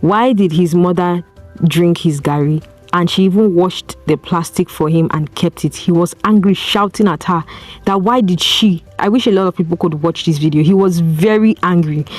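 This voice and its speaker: A woman's voice: fairly low pitch, moderate pace, soft background music. A woman with a Nigerian accent hosting an advice podcast, speaking earnestly and piling up rhetorical questions. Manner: earnest, preachy, asks strings of rhetorical questions. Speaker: podcast host. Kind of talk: solo advice talk.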